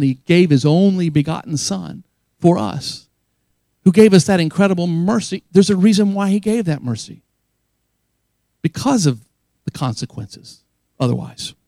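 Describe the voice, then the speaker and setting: A man's voice: fairly high pitch, creaky, dark tone, no echo. A man preaching a sermon as pastor, earnest and emphatic, often repeating key phrases for weight.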